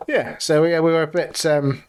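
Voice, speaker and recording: Laid-back man, slightly high voice. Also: fairly even intonation, normal speed, clean tone. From Cornwall. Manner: laid-back, dry, hesitant with ums. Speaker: podcast co-host. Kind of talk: casual chat.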